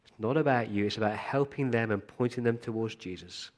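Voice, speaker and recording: A man's voice: lowish voice, fairly quick. A male pastor giving a sermon, speaking earnestly and appealing directly to his congregation.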